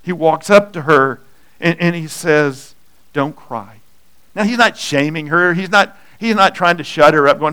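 A man preaching a sermon, with slow, dynamic delivery that swells loud and then drops soft. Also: a little high, clean tone, rough recording. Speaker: pastor.

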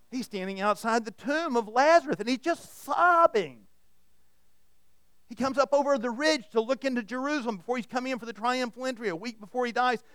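A man's voice: sits high, fairly bright tone, smooth, no echo, clean studio sound. A man preaching a sermon to a room of listeners, retelling stories and often restarting his words. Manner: storytelling, repeats and restarts words. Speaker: pastor. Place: church hall with audience.

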